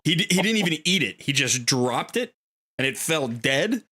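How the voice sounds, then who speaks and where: A man's voice: on the high side, big pitch swings, moderate pace, bright, forceful tone. A man hosting a casual game livestream, chatting and telling a long rambling story with playful voiced asides. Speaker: game streamer. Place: home room near a window.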